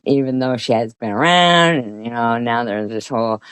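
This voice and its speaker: A woman's voice: extremely low pitch, animated, normal speed, a bit bright, clean tone, no room sound. A woman vlogger casually telling a rambling story, swearing and laughing often.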